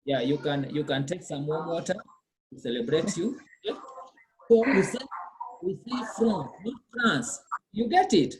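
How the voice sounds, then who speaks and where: Over a video call, a woman with a low, expressive, mellow voice teaches French pronunciation at a moderate pace. In this online class, she patiently repeats and makes sure her students follow along.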